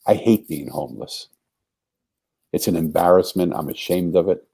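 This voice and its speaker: A man's voice: low voice, moderate pace, vocal fry, mellow, husky. A man as a podcast guest, telling a long story in an earnest way and acting out the voices of the people in it. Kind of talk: storytelling in a conversation.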